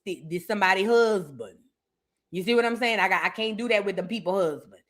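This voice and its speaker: A woman with a brisk, medium-pitched voice hosts a reaction show, offering casual commentary peppered with playful, dramatic asides and snatches of song.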